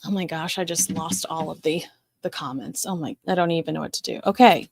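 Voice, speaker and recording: A woman hosting a casual livestream chats in a rambling, talkative way while reading out viewer comments. Her voice sits low with vocal fry, and she talks fairly quickly.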